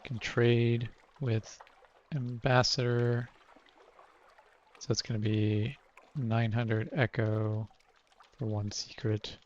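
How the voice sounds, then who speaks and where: A man's voice: medium pitch, little pitch movement, takes it slowly, long pauses, darkish tone, muffled recording. A man doing casual let's play commentary, thinking aloud over his choices and reading game text aloud.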